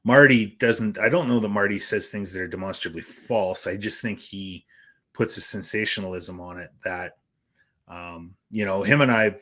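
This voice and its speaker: A podcast host with a low, forceful voice. He speaks frankly and at length, piling up opinions in a loose, conversational ramble. The talk stays casual throughout. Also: moderate pace. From Canada.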